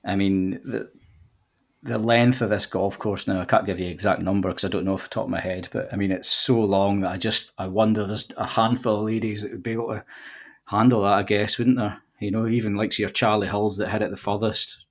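A man in his forties with a Scottish accent, chatting on a podcast as a guest and telling relaxed, nostalgic stories with plenty of fillers. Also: fairly low pitch, a little fast. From southwest Scotland. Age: 40s. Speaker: golf links manager guest. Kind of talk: casual podcast chat.

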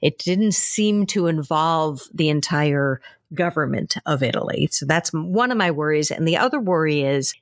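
A woman hosting a travel talk show, her voice sitting low for a woman and swinging up and down in pitch as she tells stories. She sounds animated and expressive, and the sound is close and dry. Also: moderate pace, no room sound. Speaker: radio travel show host. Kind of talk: casual studio chat.

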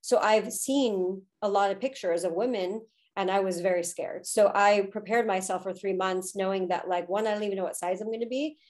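A woman's voice: medium pitch, normal speed, a little mellow. Candid, emotional woman telling her story. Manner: candid and emotional, with frequent fillers. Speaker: podcast guest, spiritual teacher. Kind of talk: personal story in a podcast interview.

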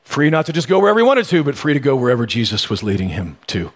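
A man delivers a sermon in a loose, conversational manner, slipping into stories and lively asides. His voice has a husky, slightly rough edge at an ordinary middle pitch. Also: fast talker. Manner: conversational storytelling with sudden animated bursts. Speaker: pastor.

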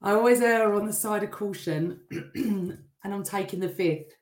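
A middle-aged woman hosting a live stream, chatting and greeting viewers by name while reading their comments, her voice still a little rough. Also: medium pitch, measured pace, a little mellow, echoey room.

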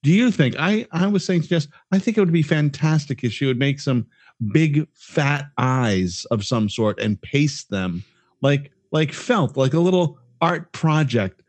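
A man's voice: on the high side, lively intonation, a little slow, darkish tone, no echo. A man co-hosting a podcast in casual chat, joking and teasing, often stumbling and restarting his sentences. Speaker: podcast co-host.

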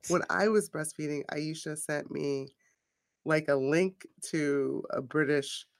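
A woman's voice: sits low, fairly even intonation, slow, gravelly, dry recording, clean studio sound. A woman physician co-hosting a podcast, chatting casually and playfully, often breaking into laughter. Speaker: podcast co-host, internist physician. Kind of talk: casual chat.

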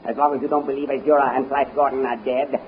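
A man's voice: medium pitch, level tone, fast, natural voice. An actor playing a cruel, vain male usurper king who chuckles and boasts in a pompous, menacing way. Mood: gloating. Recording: dull old radio broadcast with faint hiss.

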